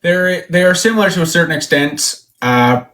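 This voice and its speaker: A man's voice: fairly high pitch, moderate pace. A man being interviewed as a country musician, telling stories casually and acting out the quoted lines. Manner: animated storyteller, acts out quoted lines.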